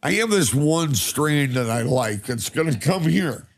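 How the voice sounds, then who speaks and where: A man's voice: fairly high pitch, animated, unhurried, gravelly. An older man, a guest in a casual chat, telling stories animatedly and laughing often. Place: cannabis company campus studio.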